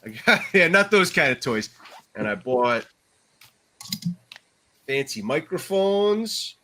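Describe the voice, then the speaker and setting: A man's voice: fairly high pitch, big pitch swings, slow pace, sharp tone, slight background noise. A man joining a casual chat remotely, friendly and inviting.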